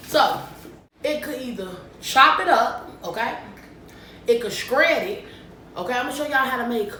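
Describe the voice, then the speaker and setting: A woman vlogging casually to camera in a lively way, often checking in with her viewers. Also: a little high. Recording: echoey room, distant mic, faint noise.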